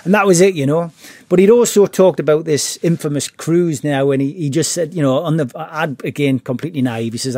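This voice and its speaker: A man's voice: on the high side, a little fast, mellow, no echo. A middle-aged man telling stories in a casual interview, often restarting his words. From Newcastle, England. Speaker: podcast guest. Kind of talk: casual storytelling.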